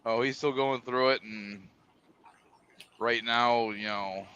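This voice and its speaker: A man's voice: mid-range voice, steady tone, slow, pushed and bright, smooth. A man calling into a livestream, chatting in a plain, informal way. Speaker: caller. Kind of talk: casual livestream chat. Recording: muffled call audio with faint hiss.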